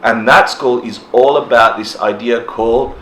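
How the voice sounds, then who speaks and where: A man teaching a relaxed class, talking casually, laughing often and acting out people's reactions. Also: mid-range voice, moderate pace. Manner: animated, laughs often, acts out quoted reactions. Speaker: dharma teacher. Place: indoor class room. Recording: roomy echo, faint ambient noise.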